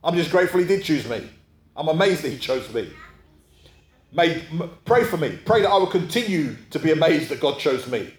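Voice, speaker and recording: A man's voice: on the high side, animated, brisk. A man preaching a sermon, talking in a conversational way and often checking in with his listeners. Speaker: pastor. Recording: echoey room.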